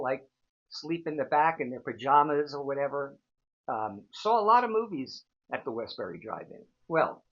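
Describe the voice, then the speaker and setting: A man's voice: mid-range voice, a bit bright, lo-fi sound. A man in his sixties, a show host telling a casual, rambling story full of fillers. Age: 60s. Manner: chatty, rambling, frequent fillers.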